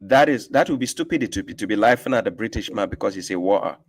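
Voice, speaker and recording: A man's voice: lowish voice, expressive, racing, breathy edge. A man hosting a live stream who speaks emphatically and lectures, often putting rhetorical questions to his listener. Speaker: host giving talks on religion. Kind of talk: casual debate on a live stream.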